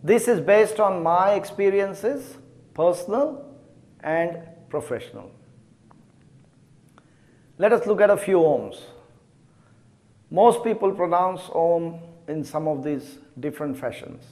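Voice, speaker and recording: A middle-aged man teaching about mantra chanting in a measured, deliberate way. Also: sits high, lively intonation, a little mellow. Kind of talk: slow explanatory teaching.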